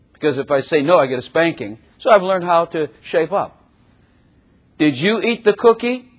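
A man's voice: mid-range voice, husky. A man preaching a sermon who often laughs and acts out little voices as he talks.

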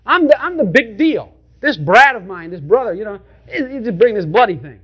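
A man's voice: sits high, sing-song, brisk, slightly rough, muffled recording, full character voice. A man voicing a proud, boastful firstborn son who is pleased with his own work. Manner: boastful, self-satisfied.

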